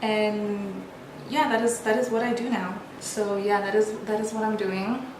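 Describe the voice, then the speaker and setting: A woman's voice: mid-range voice, flat delivery, a little slow, echoey room, noisy background. A young woman chatting candidly while getting ready, rambling with many restarts, recorded on a built-in camera mic. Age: young adult. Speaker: beauty vlogger. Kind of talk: casual get-ready-with-me chat.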